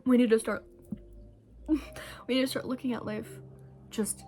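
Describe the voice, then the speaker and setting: A woman's voice: a little high, fairly even intonation, a little slow, mellow, faint music behind. A young woman speaks to camera in a loose, rambling monologue. She gets emotional and sometimes sinks to a near whisper, and she chews candy while she talks. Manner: chewing candy while talking. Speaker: vlogger. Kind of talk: casual reflective monologue.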